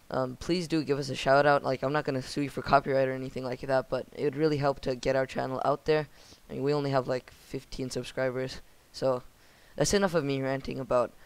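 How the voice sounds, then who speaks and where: A young man speaking in a monotone as he talks through a game building tutorial on his channel. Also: medium pitch, clear, resonant tone. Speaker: channel host.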